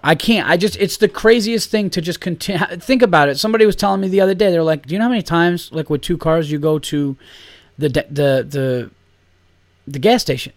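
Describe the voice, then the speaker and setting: Profane ranting podcast host. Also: male voice, normal speed, no echo. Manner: animated, profane ranting, swings loud and high when worked up. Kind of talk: solo podcast rant.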